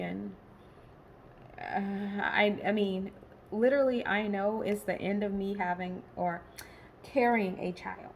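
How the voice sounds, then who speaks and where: A woman in her late forties talking in a personal vlog, tired and emotional, rambling and halting with many pauses and restarts. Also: mid-range voice, fairly even intonation, a little hiss or hum, poor audio. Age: late 40s. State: tired and emotional, has been crying. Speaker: vlogger.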